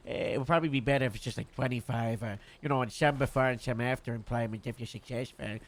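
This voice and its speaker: Gravelly police captain, a man in role-play, halting and full of uh's; mid-pitched. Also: steady tone. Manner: hesitant, full of uh and restarts. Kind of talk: in-character role-play chat.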